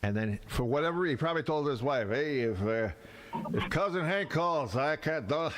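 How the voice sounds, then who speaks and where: A man's voice: moderate pace, background noise. A man from Brooklyn, telling radio stories in a casual podcast chat and acting out the people he quotes. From Brooklyn, New York. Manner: animated, acts out quoted people with big pitch jumps. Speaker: radio veteran on a podcast panel.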